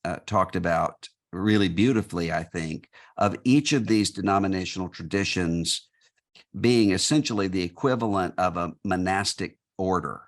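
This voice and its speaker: A man with a very low, deep voice answering interview questions in a measured, thoughtful way. He pauses with fillers and restarts his phrases as he reasons aloud. The delivery is conversational and unhurried in its thinking. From United States. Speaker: guest.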